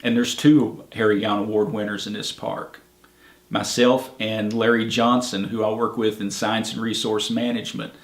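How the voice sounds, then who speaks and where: A man's voice: on the low side, little pitch movement, moderate pace. A middle-aged man, a park ranger, telling stories in an easygoing, plainspoken way in an oral history interview, with many fillers. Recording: echoey room.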